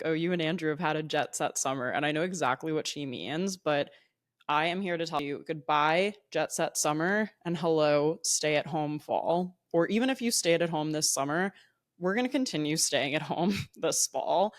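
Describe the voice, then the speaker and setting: A woman's voice: deep voice, no echo, clean studio sound. Chatty New Jersey woman podcaster. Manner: chatty, upbeat, laughs often, goes on tangents. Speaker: podcast host. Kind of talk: solo podcast chat. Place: at home.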